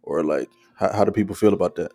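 Low, mellow-voiced podcast co-host. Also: male voice, fast, breathy edge, no room sound. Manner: short reactions and slangy follow-up questions. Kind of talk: casual podcast chat.

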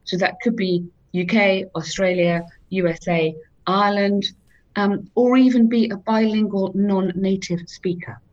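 A woman's voice: medium pitch, steady tone, measured pace, a little mellow. Woman from the UK, mid-range voice, IELTS teacher, chatty and encouraging, dull lo-fi sound. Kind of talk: casual discussion.

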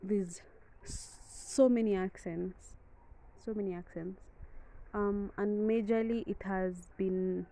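A woman's voice: mid-range voice, fairly even intonation, takes it slowly, mellow, rough recording. A woman with a Kenyan accent, hosting a podcast outdoors in a rambling, chatty way that keeps correcting itself. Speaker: podcast host. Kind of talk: casual podcast monologue. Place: outdoors in the wind. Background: wind noise.

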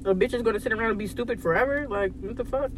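A woman's voice: on the high side, racing, slight background noise. A young woman chatting casually with a friend, speaking in an emphatic, profane, joking way. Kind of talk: casual chat.

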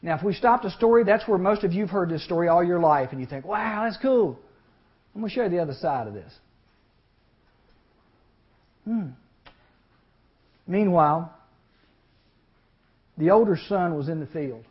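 Animated man preaching, lo-fi sound. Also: high voice, normal speed, pauses often. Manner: animated, acts out voices in the story. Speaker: youth speaker. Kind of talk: storytelling sermon. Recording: lo-fi recording.

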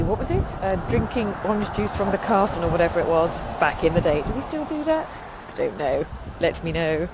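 Chatty, rambling woman, noisy background. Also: on the low side. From England. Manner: chatty, rambling with frequent restarts. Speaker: podcast host. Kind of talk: casual chat.

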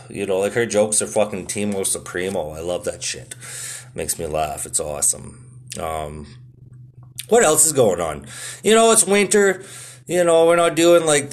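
A man in his thirties telling stories in a casual, rambling monologue, full of swearing and filler words. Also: mid-range voice. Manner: laid-back, swears a lot, lots of filler words.

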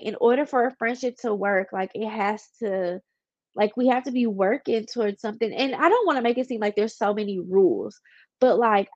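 A woman's voice: on the high side, no echo. Young woman host, congested, candid rambling monologue, dry slightly dull recording. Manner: candid, rambling, heavy use of "like". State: congested, stuffy nose. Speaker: podcast host. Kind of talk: casual personal monologue.

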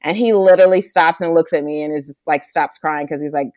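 Young woman telling an animated story. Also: fast talker, no room sound, studio quality. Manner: animated storytelling, acts out quotes in a high voice. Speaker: guest. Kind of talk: casual chat.

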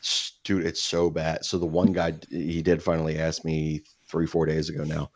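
Deep-voiced man ranting casually. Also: moderate pace, dry recording. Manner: profane, animated storytelling with mimicked voices. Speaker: podcast co-host. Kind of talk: casual chat.

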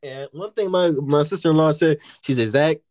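A man from the United States hosting a casual podcast chat, telling stories in an animated way with lots of slang and swearing and acting out what people said. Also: fairly high pitch, normal speed, no echo. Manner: animated storytelling, heavy slang and swearing, acts out quotes. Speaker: podcast host.

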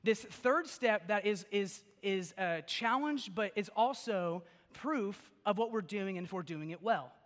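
A young man giving a casual sermon in a church, telling stories in a chatty, animated way full of "like" and "okay?". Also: high voice, measured pace, hardly any pauses. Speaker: pastor. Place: church sanctuary. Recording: long reverb of a large hall.

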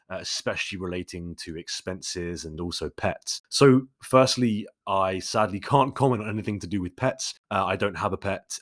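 Guy, deep voice, dry close sound, rambling friendly Q&A host. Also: no echo. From London. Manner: conversational, many fillers and restarts. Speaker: YouTube host answering viewer questions. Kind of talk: casual Q&A monologue.

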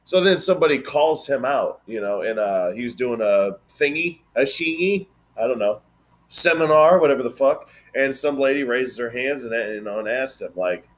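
A man hosting a casual podcast chat, blunt and rambling, swearing freely. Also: medium pitch. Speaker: podcast host.

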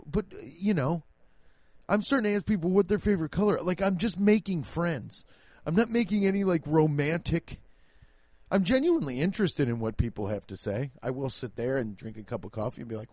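A young man telling comic stories in a loud, profane, exaggerated rant. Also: on the high side, brisk, no room sound. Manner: animated, profane, exaggerated storytelling. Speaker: comedian. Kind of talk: stand-up style comic rant.

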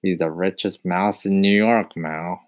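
Harry Cat, a man doing a dry deadpan cat. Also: low voice, a little slow. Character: dry, impatient male alley cat. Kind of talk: audiobook character voice.

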